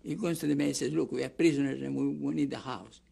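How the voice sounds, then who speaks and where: A man's voice: mid-range voice, steady tone, fast talker, vocal fry, mellow, slightly rough. An older man with a Greek accent giving an oral history interview, rambling through a story with restarts and acting out the people he quotes. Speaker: interviewee, camp survivor.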